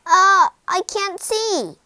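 A woman's voice: sits high, very animated, takes it slowly, dry recording, exaggerated voice. A woman doing an eager young prince. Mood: exclaiming. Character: young male prince, earnest and brave.

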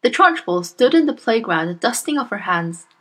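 A woman reading a children's story aloud with expressive, animated narration. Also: a little high, normal speed, poor audio.

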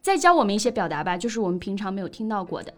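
A woman co-hosting a casual bilingual English lesson, lively and laughing often, switching between English and Mandarin. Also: medium pitch, rapid-fire, soft background music. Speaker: co-host teaching English.

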